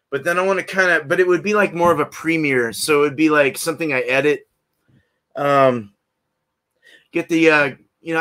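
A man's voice: on the high side, bright, forceful tone. A man hosting a live beer review from his home, chatting casually in a rambling, laid-back way and laughing often as he greets viewers by name. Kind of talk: casual live-stream chat. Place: at home, indoors.

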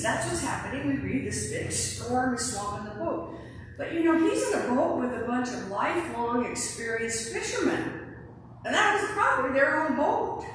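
A woman preaching a sermon in a relaxed, conversational way, now and then acting out quoted lines. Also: a little high, a little hiss or hum. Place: large echoey church. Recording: echoey church from far off.

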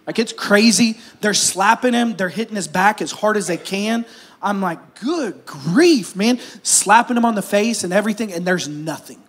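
A high-pitched man preaches a sermon. He tells his story with feeling, rising to loud, urgent stretches and dropping to near whispers. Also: normal speed. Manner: emotional storytelling that swings from loud to hushed whispers. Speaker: pastor.

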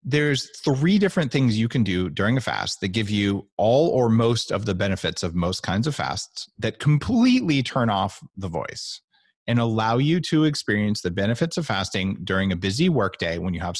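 Appearing as a guest author on a podcast, a middle-aged man talks playfully and animatedly, acting out little voices as he explains things. His voice is low and husky, recorded clean in a studio with no echo.

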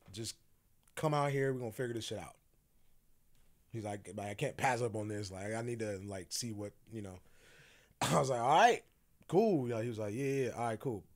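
A man with a voice of middling pitch, talking as a podcast guest. He tells his story casually, acts out each person's quoted lines and laughs often along the way.

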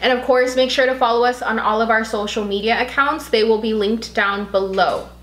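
A woman's voice: a little high, steady tone, fairly quick, fairly bright tone. Chatty emotional woman, roomy sound. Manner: chatty, heavy use of "like"; emotional, easily tearful. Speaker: podcast co-host. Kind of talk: casual chat.

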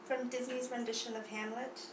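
A woman's voice: fairly high pitch, little pitch movement, normal speed, background noise. A young woman speaking as an auditioning actress in a hesitant, earnest and naive way. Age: young adult. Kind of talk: comedic character acting. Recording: roomy echo, far from the mic.

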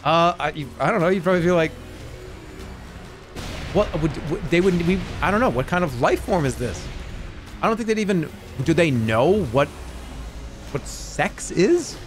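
A man's voice: a little high, expressive, moderate pace, long pauses, faint music behind. A man streaming live, chatting casually in a rambling, jokey way that trails off into mumbled asides.

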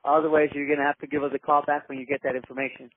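A man's voice: fairly high pitch, little pitch movement, racing, breathy edge. A man working as a scam caller, polite and hesitant, often holding back laughter. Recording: tinny phone line.

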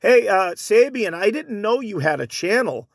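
A man's voice: high voice, sing-song, moderate pace, no room sound, studio quality. A man hosting a casual vlog, reading viewer comments and ranting with frequent restarts, calling his viewers folks. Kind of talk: casual rambling vlog talk. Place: Phoenix area.

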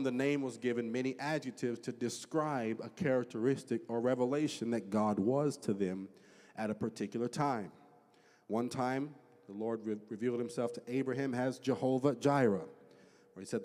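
A pastor preaches in a church hall, his mid-pitched voice carrying a long reverb off the walls. He draws out scripture slowly and builds into fervent, shouted prayer. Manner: slow, drawn-out scripture reading. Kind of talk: sermon. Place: church sanctuary.

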